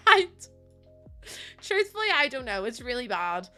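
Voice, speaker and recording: A woman's voice: on the high side, expressive, a little fast, sharp tone, faint music behind. A woman with a Northern Irish accent, chatting casually to her viewers while building in a game, laughing often. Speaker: streamer.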